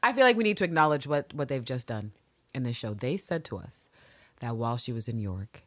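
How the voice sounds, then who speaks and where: A woman co-hosting a podcast, retelling an episode in a jokey, profane, animated way. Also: rumbling low, brisk, no room sound. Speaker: podcast co-host. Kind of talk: casual recap chat.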